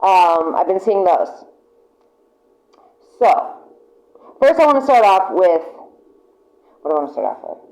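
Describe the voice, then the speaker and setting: Excitable swearing woman reading tarot. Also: lowish voice, a little slow, pauses often, low-quality recording. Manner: excitable, chatty, swears freely, laughs often. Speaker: tarot reader. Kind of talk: casual tarot reading to camera. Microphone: camera mic.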